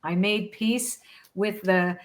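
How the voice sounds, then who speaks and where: A woman's voice: mid-range voice, slow, a crowd in the background. A woman oracle card reader talking casually and reflectively through a reading, often checking in with "right?".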